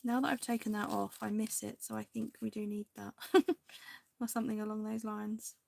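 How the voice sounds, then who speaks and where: A woman hosting a crafting video, chatting casually and indecisively to viewers, now and then dropping into soft half-whispered asides. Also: medium pitch, level tone, moderate pace, gravelly.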